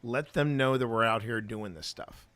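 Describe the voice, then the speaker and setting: A man's voice: mid-range voice, moderate pace, a bit bright, no echo. A man co-hosting a casual stream, rambling with many fillers and restarts. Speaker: streamer and co-host. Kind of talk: casual chat.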